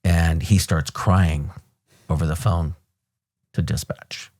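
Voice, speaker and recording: A man in his fifties from the United States, a podcast host and retired police officer, telling a story in a blunt, animated way and swearing casually. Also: deep voice, slow pace. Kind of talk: conversational storytelling.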